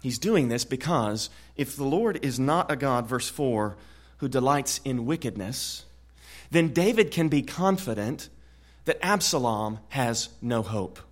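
A man preaching an expository sermon in an earnest way, often repeating words and growing louder on key points. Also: medium pitch, animated, unhurried. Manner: earnest, frequent word repetitions, swells louder on key points.

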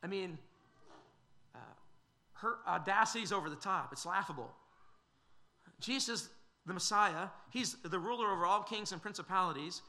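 A man's voice: high voice, moderate pace, pauses often, pushed and bright. A man preaching a sermon, earnest and questioning, with frequent fillers and restarts.

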